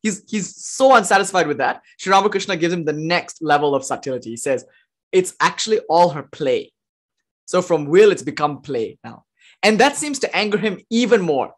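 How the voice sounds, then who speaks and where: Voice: medium pitch, sing-song, brisk. A lecturer giving an informal philosophy talk, explaining ideas step by step with fillers and light laughter.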